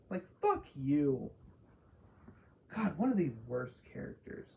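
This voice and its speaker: A woman's voice: lowish voice, lively intonation, normal speed, darkish tone, dull audio. A woman casually ranting through a spoiler review of a TV episode, profane and exasperated, mocking characters she dislikes. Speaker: TV show reviewer.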